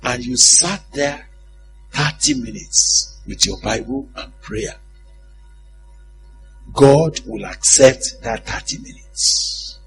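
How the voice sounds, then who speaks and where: A man's voice: mid-range voice, very animated, slow, gravelly, long pauses, fairly bright tone, soft background music. A male preacher giving a conversational sermon, often putting questions to his congregation and laughing at his own stories.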